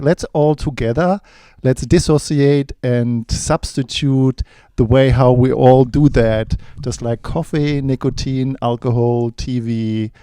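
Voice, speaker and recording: Mellow man speaking haltingly. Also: mid-range voice, clean tone, no room sound, studio quality. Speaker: panelist. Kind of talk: podium discussion.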